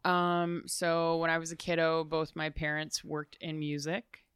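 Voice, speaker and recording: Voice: medium pitch, monotone, measured pace, fairly bright tone, clear, resonant tone, dry recording, clean studio sound. A guest from Chicago telling stories in a casual interview, rambling with lots of "like" asides. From Chicago, USA. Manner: chatty, rambling, full of "like" asides.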